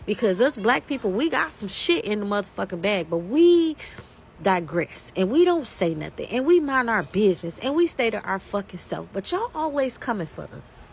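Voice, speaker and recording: Heated, profane woman with a gravelly voice. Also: mid-range voice, sing-song, normal speed, a little hiss or hum. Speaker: social media commentator. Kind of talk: angry ranting monologue.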